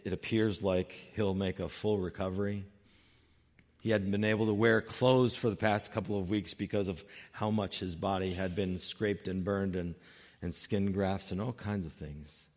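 A man preaching a sermon as pastor, earnest, rising loud on key points and dropping soft and slow when moved. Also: sits low, fairly even intonation. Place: church sanctuary. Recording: long hall reverb with faint music.

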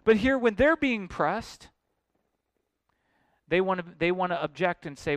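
Emphatic preacher, smooth dry voice. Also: male voice, high-pitched, animated, measured pace, pauses often, no echo. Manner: emphatic, rising to forceful exclamations. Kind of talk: expository sermon.

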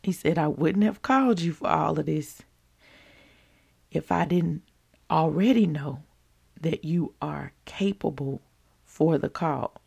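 Woman sharing a devotional, real gravelly and husky, teary and earnest. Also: low-pitched, slow, pauses often, darkish tone. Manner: emotional, earnest, repeats phrases, addresses listeners as y'all. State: teary, close to crying. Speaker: Christian speaker sharing a devotional. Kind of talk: informal devotional talk.

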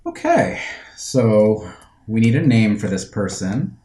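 A man's voice: on the low side, very animated, slow pace, dark tone, roomy sound. A man co-hosting a podcast, talking in an impassioned, opinionated casual way. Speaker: podcast co-host. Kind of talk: casual chat.

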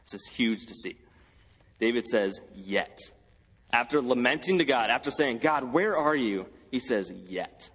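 A man's voice: mid-range voice, a little slow, a bit bright, breathy edge, long reverb tail, poor audio. A man preaching a sermon as pastor, earnest, repeating key phrases for emphasis. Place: church sanctuary.

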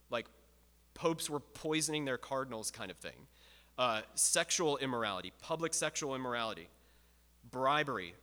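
A man's voice: mid-range voice, pushed and bright. A man teaching church history in a casual, conversational way, asking his listeners questions as he goes. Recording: long hall reverb.

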